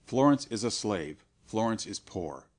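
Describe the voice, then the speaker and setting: A man reading an audiobook and voicing an austere monk who speaks gravely and slowly. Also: lowish voice, lively intonation. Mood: stern. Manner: grave, measured, severe. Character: stern, solemn male monk preacher, unbending.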